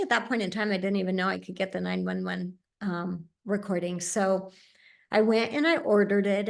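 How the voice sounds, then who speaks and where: An earnest woman shares a personal story in a heartfelt talk, her voice carrying a gravelly, creaky edge. She speaks sincerely and pauses now and then on small fillers. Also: mid-range voice. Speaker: medium and speaker.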